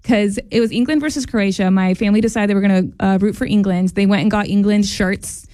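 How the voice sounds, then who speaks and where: A woman's voice: medium pitch, steady tone, fast talker, dark tone, no echo. A woman co-hosting a casual talk show, telling a family story with chatty enthusiasm. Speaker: co-host. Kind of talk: casual chat.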